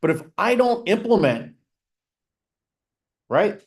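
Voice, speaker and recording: A man's voice: high-pitched, very animated, slow pace. A man teaching a business planning session for real estate agents, talking in a conversational way and stressing key points with rising emphasis. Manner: conversational, repeats "right?" and "again". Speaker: real estate coach and trainer. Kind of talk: training seminar talk.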